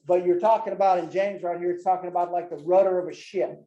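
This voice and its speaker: A man leads a Bible study in a loose, folksy manner, talking to his class in a slightly raised, mellow voice. He keeps tagging his sentences with "man" and "right?", and his voice rings out in a roomy meeting room. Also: high voice, fairly even intonation, fast talker, lo-fi sound. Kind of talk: casual teaching with personal stories. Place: church classroom with a group.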